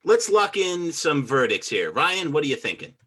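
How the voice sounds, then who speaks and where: Bright-voiced man chairing a film debate. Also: fairly high pitch, normal speed, slightly rough. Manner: relaxed, enthusiastic, frequent "like" and "you know". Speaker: presiding judge of a film debate podcast. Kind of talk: casual podcast discussion.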